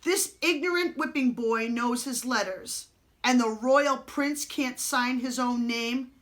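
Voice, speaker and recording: Woman putting on a gruff big outlaw man. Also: on the high side, slow pace. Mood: menacing. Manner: loud rough rustic speech. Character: gruff big male outlaw, boastful and menacing.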